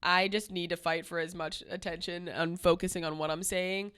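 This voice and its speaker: A woman's voice: fairly low pitch, flat delivery, moderate pace, fairly bright tone, clean tone. A woman from the Boston area co-hosting a podcast, talking in a direct, casual way with lots of fillers. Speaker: podcast co-host. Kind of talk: casual chat.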